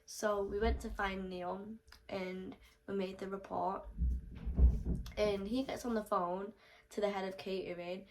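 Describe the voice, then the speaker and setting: A young British woman telling a storytime vlog in a blunt, animated way, swearing a lot and clearing her throat now and then. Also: mid-range voice, a little slow, slight background noise. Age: young adult. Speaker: storytime vlogger. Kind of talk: casual storytelling.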